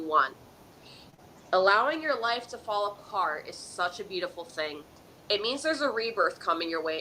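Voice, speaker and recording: A woman's voice: fairly low pitch, sharp tone, slight background noise, low-quality recording. A woman hosting a live psychic advice stream, talking in an emphatic, preachy way and often checking in with "okay?". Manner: dramatic countdowns and pep-talk repetition.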